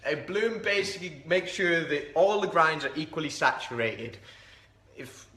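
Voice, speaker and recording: A man's voice: on the high side, expressive, moderate pace, sharp tone. A man explaining how to brew coffee in a chatty, rambling, self-deprecating way. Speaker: coffee reviewer. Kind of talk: casual how-to vlog. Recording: echoey room.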